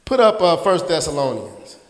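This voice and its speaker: A man's voice: a little high, very animated, normal speed, big-room sound. A man pastor preaching a sermon with call-and-response, calling out congregants by name. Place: church sanctuary.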